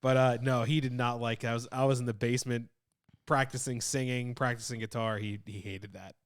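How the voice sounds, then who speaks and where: A young man co-hosting a podcast in relaxed, joking banter. His voice sits at a middle pitch, and he tells his stories in a plain, chatty way. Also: a little fast. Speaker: podcast co-host. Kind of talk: casual chat.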